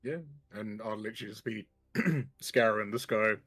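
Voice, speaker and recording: Very low-voiced husky woman player. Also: normal speed, dry recording. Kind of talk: casual tabletop game chat.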